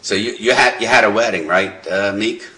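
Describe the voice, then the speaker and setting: A middle-aged man doing loose stand-up comedy, with a lowish voice that still comes across bright and forceful. He rambles, chats with the crowd and breaks into laughter at his own jokes. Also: normal speed. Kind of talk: rambling stand-up over live voice chat.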